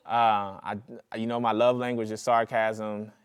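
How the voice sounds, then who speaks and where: A man's voice: lowish voice, unhurried, smooth. A man preaches in a loose, conversational way, mixing jokes with scripture. He calls out to his congregation and asks them to answer back. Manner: animated, conversational preaching with jokes and audience prompts. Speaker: pastor. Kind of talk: sermon.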